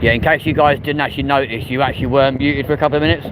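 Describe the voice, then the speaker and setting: A cheeky man rambles chattily to his live viewers as he walks outdoors through a city at night. His voice sits at an ordinary middle pitch. The phone mic picks up clear traffic and street noise behind him. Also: fairly even intonation, rapid-fire. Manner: chatty, cheeky, banters with passers-by. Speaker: vlogger. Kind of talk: casual live-stream chat.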